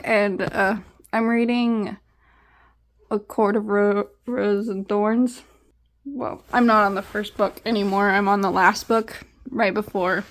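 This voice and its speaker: A young woman rambles casually through a vlog in a low, tired-sounding voice, keeping a steady tone and an unhurried pace. Her sentences often trail off into fillers.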